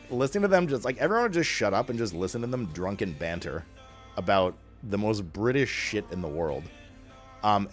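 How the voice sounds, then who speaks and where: A young man chatting casually with his stream viewers, rambling with lots of fillers and slang. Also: deep voice.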